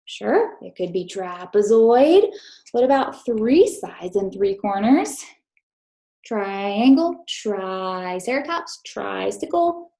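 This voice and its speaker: A woman's voice: mid-range voice, warm tone, low-quality recording. A woman teacher giving a recorded math lesson to third graders, patient and encouraging, speaking straight to her students.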